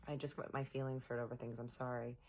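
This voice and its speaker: A moody, clingy young man who speaks softly and low, as a woman quotes him. He sounds subdued and sulky. The voice stays near her own low storytelling tone. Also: flat delivery, fast. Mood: hushed.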